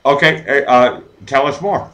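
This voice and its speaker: Unhurried and medium-pitched, this man's voice comes through a rough recording. He hosts a casual live talk show, telling animated, rambling stories and swearing openly.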